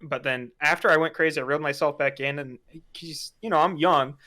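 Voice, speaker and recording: A man's voice: a little high, steady tone, a little fast, pushed and bright. A man in his twenties in casual podcast chat, rambling and swearing freely. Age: 20s. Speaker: podcast guest.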